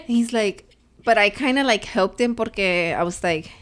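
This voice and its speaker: A woman's voice: mid-range voice, moderate pace. Chatty young woman telling family stories. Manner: animated storytelling, switching between English and Spanish. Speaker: podcast co-host. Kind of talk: casual chat.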